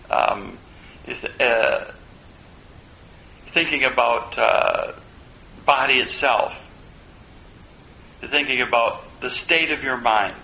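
A man's voice: mid-range voice, creaky, pushed and bright, a little hiss or hum, rough recording. A man giving a Buddhist dharma talk, reflecting aloud and posing questions to himself. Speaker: Buddhist teacher.

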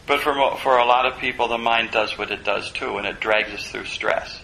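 A man with a gravelly, rough edge to his voice delivers a reflective Buddhist teaching, turning questions over aloud as he goes. His tone is bright and forward, and a faint hiss runs beneath the recording. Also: mid-range voice, fairly even intonation, moderate pace, rough recording. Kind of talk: dharma talk.

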